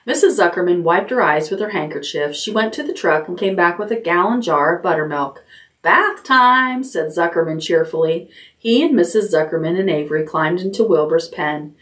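Gentle woman reading a bedtime story. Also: fairly low pitch, a little fast, far from the mic. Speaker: children's librarian. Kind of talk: bedtime read-aloud.

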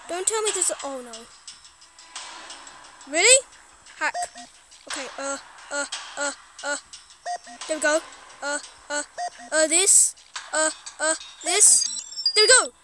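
A very high-voiced woman plays through a horror game, jittery and exclaiming to herself. She talks slowly and unhurriedly. A clear hiss of noise sits under her voice. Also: animated. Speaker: gaming streamer. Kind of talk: horror game let's play.

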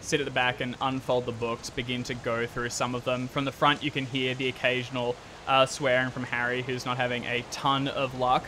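A man's voice: mid-range voice, flat delivery, fairly quick, pushed and bright, slight background noise. A man running a tabletop horror game as game master, narrating in a loose, rambling way with many fillers.

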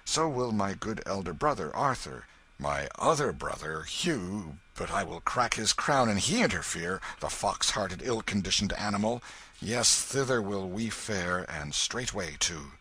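A man's voice: low-pitched, lively intonation, measured pace, pushed and bright, slightly rough, full character voice. A man voicing a tall, kindly knight in an audiobook, speaking in a cheery, bluff old-fashioned way. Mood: musing.

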